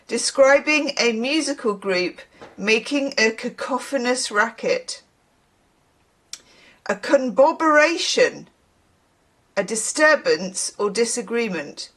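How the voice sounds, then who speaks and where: A woman's voice: fairly high pitch, very animated, a bit bright, husky. A woman hosting a tarot channel, chatting playfully on her own and trying out odd words in mock example lines. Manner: playful, reads words out slowly and tries them in mock example voices. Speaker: tarot reader and channel host. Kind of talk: casual solo talk to camera.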